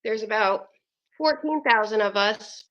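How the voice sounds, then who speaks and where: A woman guesting on a podcast as a sex educator, chatting casually in a wry, unhurried way with light laughs. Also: medium pitch, fairly bright tone, muffled recording. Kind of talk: casual chat.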